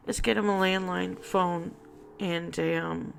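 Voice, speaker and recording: Hesitant woman with a gravelly low voice. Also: fairly even intonation. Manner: halting, hesitant, many fillers and restarts. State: close to tears. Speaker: vlogger. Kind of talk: personal confessional vlog.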